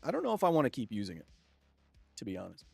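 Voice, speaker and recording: A man's voice: mid-range voice, huge pitch swings, fast, creaky, a little mellow, husky, no room sound, faint music behind. A man hosting a live game stream, chatting casually with viewers, reading out the chat and joking. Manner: chatty, jokey, reads chat aloud and laughs often. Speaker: gaming livestream host.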